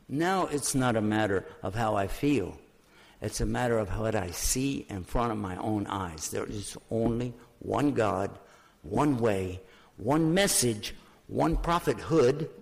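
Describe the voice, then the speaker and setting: Animated man telling his conversion story. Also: medium pitch, gravelly. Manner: animated storyteller, drops to a hushed voice for prayer. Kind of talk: storytelling sermon.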